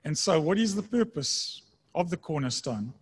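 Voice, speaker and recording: A man preaching a sermon in a conversational way, slowing down to read scripture aloud. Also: a little high, big pitch swings, slightly rough. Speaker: pastor.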